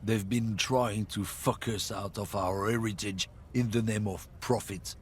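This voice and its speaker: A man voicing a gruff, bigoted middle-aged trucker from a game, swaggering and sneering as he boasts. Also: lowish voice, fairly even intonation, measured pace, natural voice. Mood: boastful. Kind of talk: voicing game dialogue on a livestream.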